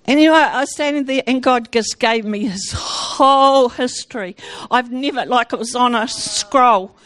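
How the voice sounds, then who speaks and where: A woman tells her Christian testimony to a gathered audience. She talks in an animated way, breaking off and restarting her sentences as she goes. The sound is close and dry, with no echo. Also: on the high side, normal speed. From New Zealand. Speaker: speaker giving a Christian testimony.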